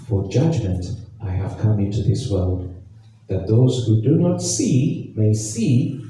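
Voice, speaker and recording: A man preaching a sermon as pastor, reading scripture expressively with emphatic pauses, recorded from a distance in a church hall. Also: lowish voice, dark tone. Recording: echoey church hall, distant mic, faint noise.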